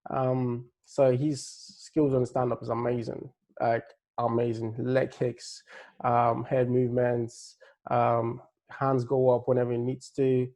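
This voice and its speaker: A relaxed man with a slight Nigerian-tinged accent talks through fight picks in a loose, rambling way. His voice is gravelly and low-key, and his pitch stays fairly flat as he hunts for words between fillers. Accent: Nigerian-tinged English. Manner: laid-back, rambling, many fillers and restarts. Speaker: MMA fight analyst. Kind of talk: casual fight-prediction breakdown.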